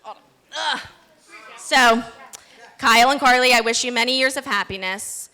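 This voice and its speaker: A woman's voice: a little high, unhurried, sharp tone. A woman giving a playful, teasing matron of honor toast at a wedding reception.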